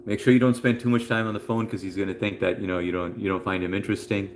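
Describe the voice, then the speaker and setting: A man's voice: lowish voice, level tone, fast talker, a little hiss or hum. A man hosting a casual live stream from home, reading out viewer comments in a laid-back, chatty way with plenty of fillers.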